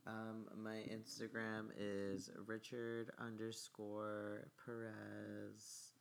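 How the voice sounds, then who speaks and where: A man's voice: on the low side, completely flat delivery, very slow, gravelly. A young man, a podcast guest, chatting casually and rambling with lots of filler words. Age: young adult. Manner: rambling, heavy use of filler "like". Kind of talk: casual chat.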